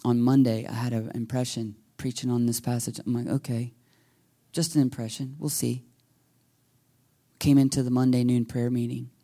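A male pastor delivers a sermon with a gravelly, slightly husky voice. His tone is dark and mellow, and he slips into quoted voices and hushed asides as he tells the story. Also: medium pitch. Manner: animated storytelling, acting out quoted voices, dropping to a whisper at times. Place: church sanctuary.

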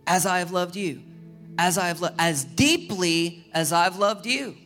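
Animated male pastor preaching. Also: high voice, unhurried, faint music behind. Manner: animated preaching with humor and repeated rhetorical questions. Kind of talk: sermon.

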